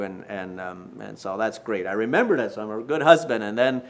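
A man in his sixties preaching to husbands in a folksy storytelling manner, with restarts and gentle self-mockery. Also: fairly low pitch, brisk. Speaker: pastor. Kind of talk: sermon to married men.

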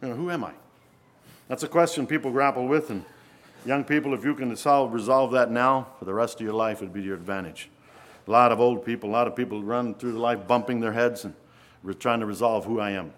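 A man's voice: medium pitch, fairly quick, fairly bright tone. A man preaching a sermon in an earnest way, often asking his listeners rhetorical questions.

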